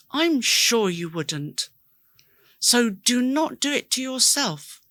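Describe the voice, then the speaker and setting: A woman's voice: mid-range voice, bright, forceful tone, dry recording. A woman hosting a podcast, giving an earnest, encouraging self-help talk straight to her listeners. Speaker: podcast host.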